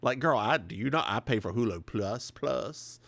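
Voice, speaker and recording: A man's voice: medium pitch, expressive, moderate pace, creaky, fairly bright tone, dry recording. A man co-hosting a podcast, chatting casually with sassy, campy banter while recapping an episode. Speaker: podcast co-host.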